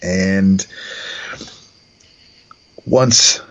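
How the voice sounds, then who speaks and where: A man casually recapping a comic book plot, halting with fillers and restarts. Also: sits low. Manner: halting, many fillers and restarts while summarizing. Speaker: podcast co-host recapping a comic.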